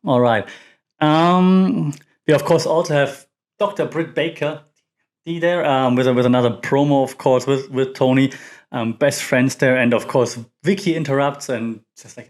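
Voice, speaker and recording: A man hosts a casual wrestling recap podcast in a mid-range voice. He talks in a loose, chatty ramble, full of fillers and quick restarts. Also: medium pitch. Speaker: podcast host.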